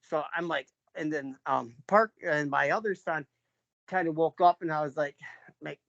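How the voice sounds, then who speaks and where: A man from New York telling a personal story in a loose, rambling way, full of fillers and restarts, often clearing his throat. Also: fairly high pitch, normal speed, fairly bright tone, dry recording. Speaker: interviewee, father recounting an encounter. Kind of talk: casual spoken storytelling. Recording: dull lo-fi recording.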